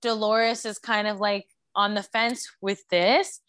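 A woman's voice: medium pitch, level tone, unhurried, fairly bright tone, smooth, no echo. A woman co-hosting a pop culture podcast, agreeing and adding her own take on a reality show episode. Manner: agreeable, chimes in with short backing remarks. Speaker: podcast co-host. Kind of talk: casual chat recapping reality TV.

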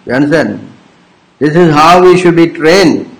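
Sex: man. Pitch: slightly high. Style: conversational sermon. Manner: keeps asking "you understand?" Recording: echoey room. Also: animated, measured pace, creaky. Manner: keeps checking in with listeners with "yes?" and "you understand?"; teasing, rhetorical questions. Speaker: spiritual teacher.

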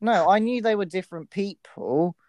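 A man's voice: high-pitched, normal speed, darkish tone, no room sound. A man co-hosting a podcast who tells stories in casual chat, with a hesitant, rambling delivery. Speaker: podcast co-host.

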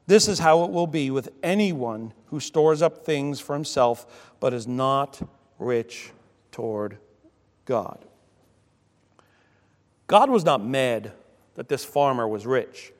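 Male pastor, fairly high voice, animated sermon delivery, long church reverb. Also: takes it slowly. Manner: animated, with sudden loud exclamations.

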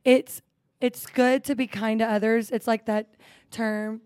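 A woman in her thirties co-hosting a podcast, telling stories in a lively, casual way with plenty of swearing and laughter. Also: on the high side, a little slow, smooth, no room sound, studio quality. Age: 30s. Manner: animated storytelling with frequent swearing and laughs. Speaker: podcast co-host. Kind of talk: casual chat.

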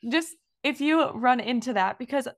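A woman's voice: sits high, animated, moderate pace. Friendly woman podcast co-host. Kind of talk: casual faith podcast chat.

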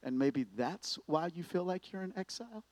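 High-voiced animated male preacher. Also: moderate pace. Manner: animated storytelling, swinging from hushed to loud and emphatic; repeats words when starting sentences. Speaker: pastor. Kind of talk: sermon.

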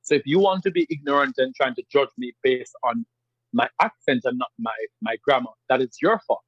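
A man from Jamaica with a strong Jamaican accent, a podcast guest speaking in emphatic, animated conversation and often repeating himself. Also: mid-range voice, brisk, breathy edge, dry recording, muffled recording. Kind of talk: casual conversation.

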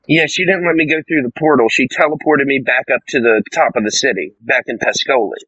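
A man's voice: mid-range voice, a little fast, sharp tone, husky, lo-fi sound. A man playing a tabletop game, telling what his character did in a rambling, joking way, often correcting himself. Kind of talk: casual actual-play chat.

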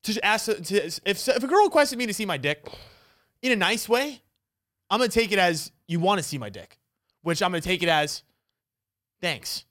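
A young man in casual crude banter, arguing his point and laughing loudly. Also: high voice, lively intonation, fairly quick.

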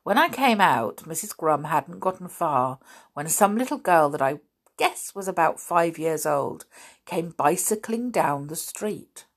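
A woman reading a story aloud, narrating with expressive, dramatic delivery. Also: low-pitched, a little slow, breathy edge.

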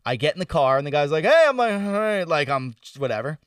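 A young man casually telling a long, profane story on a podcast. He rambles in slang and often drops into low mumbles. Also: sing-song, quick pace, no room sound, studio quality, distant mic.

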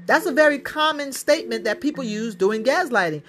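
A woman's voice: high-pitched, expressive, a little fast, few pauses, a bit bright. A woman talking casually and with emphasis, acting out the phrases people use as she explains them. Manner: emphatic, acts out quoted phrases. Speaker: speaker explaining gaslighting phrases. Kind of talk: casual talk to camera. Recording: faint music behind voice.

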